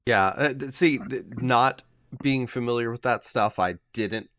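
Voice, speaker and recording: A man's voice: mid-range voice, measured pace, fairly bright tone, no room sound. A man in a casual film chat with a wry, dismissive way of talking. His voice is recorded dry and close, with no room sound around it. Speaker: podcast co-host.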